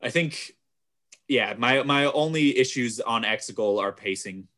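A man in casual conversation about movies, recapping scenes with loud, animated exclamations and frequent laughter. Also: mid-range voice, a little slow. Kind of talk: casual chat.

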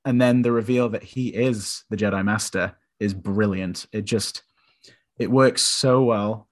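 A young man co-hosting a podcast, talking enthusiastically about a film, rambling with restarts. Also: on the low side. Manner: enthusiastic, rambling, with animated quoted voices. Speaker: podcast co-host. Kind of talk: casual film discussion.

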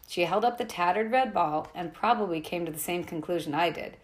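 A woman's voice: fairly low pitch, brisk. A woman reading a novel aloud in a plain way, with small slips and restarts. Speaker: reader.

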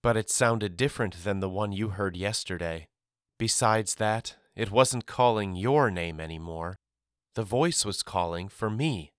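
A man's voice: on the low side, unhurried, smooth, dry recording, clean studio sound, close to an everyday voice. A man reading as a grieving mother. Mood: somber. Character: grieving adult mother, sorrowful and guarded. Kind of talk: audiobook character reading.

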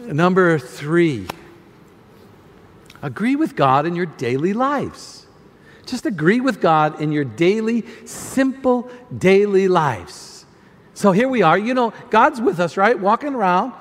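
Lively high-voiced man preaching. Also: slow pace. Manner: animated, acts out people's complaints in quoted voices. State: tearful at times. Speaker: pastor. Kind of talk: sermon. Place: church hall. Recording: hall reverb.

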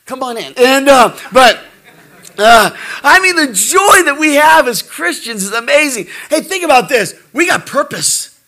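A middle-aged man preaching a folksy sermon, joking and repeating himself, swinging from quiet asides to shouted praise. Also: very high voice, very animated, unhurried. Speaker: pastor.

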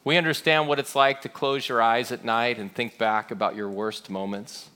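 A man preaching a sermon as a pastor, telling the story dramatically, moving between loud, quick passages and hushed, slow ones. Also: mid-range voice, clear, resonant tone.

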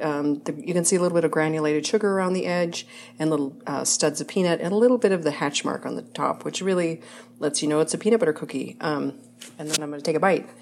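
Woman, lowish voice, casual home-kitchen baking host, rambling and self-correcting. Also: vocal fry, darkish tone, a little hiss or hum.

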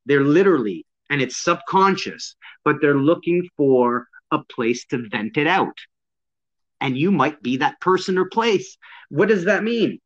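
Man, self-defense instructor, casual talk, blunt, emphatic, swears a lot, dull lo-fi sound. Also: fairly high pitch. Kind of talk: casual podcast conversation.

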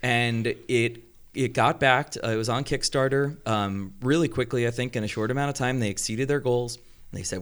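A man talking casually on a podcast, his voice sitting in an ordinary middle pitch. He tells a long anecdote with energy and acts out the people he quotes. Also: moderate pace, clear, resonant tone. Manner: animated storyteller who acts out quoted voices. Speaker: podcast co-host. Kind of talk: casual chat.

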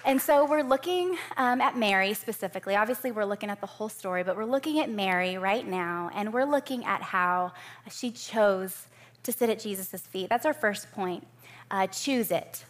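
Middle-aged woman preacher, conversational sermon delivery with personal asides, average pitch. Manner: warm, conversational, self-deprecating with quick asides.

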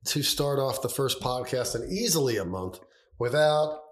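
A man co-hosting a podcast in casual chat, rambling and halting as he talks, with a cough that keeps breaking in. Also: medium pitch, lively intonation. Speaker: podcast co-host.

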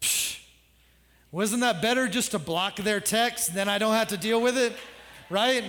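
A man's voice: high voice, measured pace, fairly bright tone, in a large hall. A man pastor preaching a sermon in a conversational way, with joking asides.

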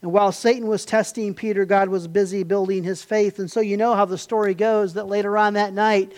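A man delivers a sermon in a high voice. He tells the stories with building passion, climbs to forceful peaks, then drops back to soft, conversational retelling. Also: little pitch movement, fairly quick. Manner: impassioned, rising to emphatic peaks then dropping quiet. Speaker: pastor.

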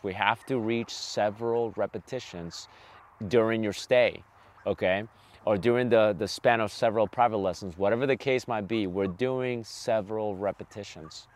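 A man hosting a dog training podcast, talking on his own, hammering each point home with repeated "okay?" and "right?" and acting out little exchanges with dogs. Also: mid-range voice. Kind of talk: solo podcast monologue.

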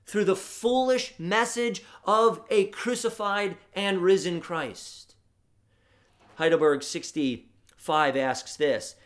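A man preaching a Good Friday sermon, stressing his points emphatically and swinging between loud declarations and quiet reading. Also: fairly high pitch. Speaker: pastor.

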